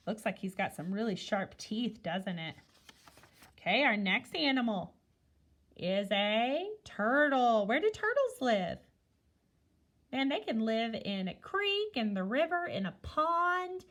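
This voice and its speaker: Recording a video lesson, a woman teaches guided reading to young children with a slightly high, fairly bright voice. She speaks in a slow, sing-song teacher manner, asking questions and checking in with "okay?" after each point.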